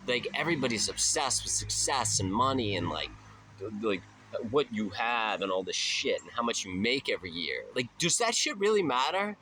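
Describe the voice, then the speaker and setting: A man's voice: on the low side, lively intonation, moderate pace, music in the background. A young man talking in a casual, rambling monologue, laid-back and slangy with profanity, drifting into spiritual musing. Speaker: vlogger.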